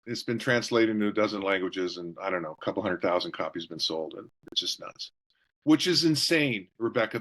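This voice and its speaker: A middle-aged or older man, a guest author, telling stories in an interview with quick jokes and voices acted out for the people he quotes. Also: mid-range voice. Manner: jokey, animated storyteller who acts out quotes. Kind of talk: storytelling interview answers.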